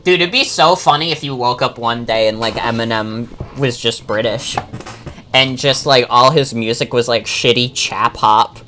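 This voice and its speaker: A woman's voice: extremely low pitch, normal speed, a bit bright. A woman streaming a game, chatting and joking casually with her chat and swearing freely. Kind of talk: casual gameplay commentary.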